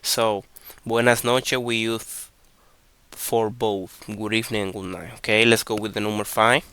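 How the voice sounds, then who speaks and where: A man gives a beginner language lesson in a low, bright, very clear voice. He talks slowly and patiently, repeating each point and checking in with his listeners. The sound is dry and close. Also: little pitch movement. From Dominican Republic. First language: Spanish. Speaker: Spanish teacher.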